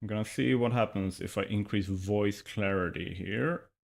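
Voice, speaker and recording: A man's voice: fairly low pitch, normal speed, vocal fry. A man with a slight lisp, a streamer testing his microphone on a livestream and muttering to himself as he adjusts settings. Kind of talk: livestream mic check.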